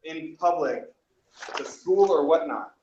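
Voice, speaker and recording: A young man in college, teasing and animated as a panelist in a casual online chat. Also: on the high side, slow, lo-fi sound, crowd noise. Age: young adult.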